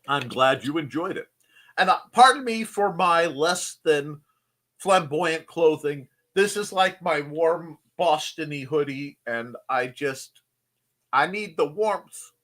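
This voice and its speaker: A man's voice: on the high side, animated, slow pace, fairly bright tone. A man hosting a casual live stream from his home desk, rambling and joking and greeting people in the chat. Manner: rambling, jokey, greets chatters.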